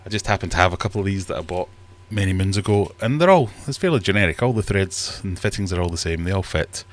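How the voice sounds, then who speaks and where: Chatty male streamer, deep voice, rambling and self-deprecating. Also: animated, quick pace. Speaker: livestream host. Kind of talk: casual livestream chat. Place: home fish room.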